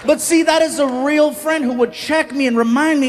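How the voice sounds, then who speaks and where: A man telling stand-up stories in an animated way, acting out the people in them, on stage at a live show. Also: very high voice, normal speed, long reverb tail. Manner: animated, acts out voices, jokes at his own expense. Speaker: stand-up comedian. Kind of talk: stand-up storytelling.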